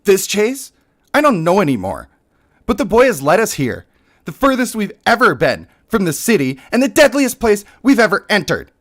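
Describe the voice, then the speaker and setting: A man's voice: sits high, wildly swooping pitch, moderate pace, a bit bright, pitched above the performer's own voice, heavily acted. A haughty woman warrior from a fantasy game, aggressive and self-righteous, snapping at the people around her, as a man puts her on. Her voice sits raised and clipped, with a snippy edge.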